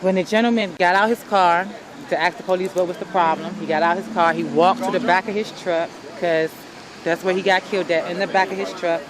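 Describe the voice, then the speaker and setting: A woman's voice: on the low side, fairly even intonation, fairly quick. A woman eyewitness speaking in a news interview outdoors, insistently retelling what she saw. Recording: news clip with crowd noise. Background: crowd noise.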